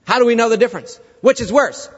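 A man voicing an anxious wife, firing off rapid, worried questions inside a sermon. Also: fairly high pitch, in a large hall, lo-fi sound, voice pushed up, natural voice. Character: anxious wife afraid of bears.

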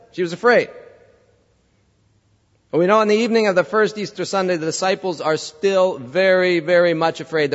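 A man's voice: sits high, long reverb tail, lo-fi sound. A male pastor preaching a sermon, conversational, telling a story and asking the congregation questions. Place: church.

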